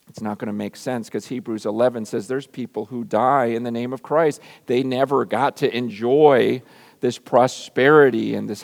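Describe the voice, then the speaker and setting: A man in his forties preaching a sermon, swinging between loud bursts and quiet, intimate asides. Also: medium pitch, vocal fry, big-room sound. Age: 40s. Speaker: pastor.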